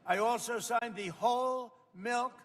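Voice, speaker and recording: A man's voice: very high voice, unhurried, fairly bright tone, in a large hall. An older man, a president, giving a rambling off-the-cuff speech to farmers, boasting and turning to the audience with chatty asides. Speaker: president speaking at a farmers' roundtable. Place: indoor roundtable event.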